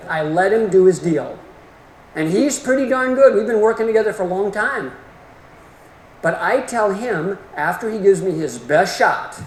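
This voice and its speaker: A middle-aged man giving a continuing-education lecture, folksy and emphatic in manner. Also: high voice. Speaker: orthodontic lecturer. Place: lecture hall. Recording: echoey hall with faint room noise.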